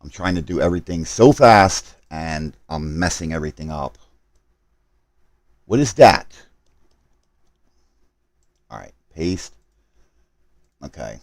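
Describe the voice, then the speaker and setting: A man's voice: rumbling low, animated, takes it slowly, long pauses, no echo. A man live streaming a game, talking to his chat while he hurries through setup and apologizes for his mistakes.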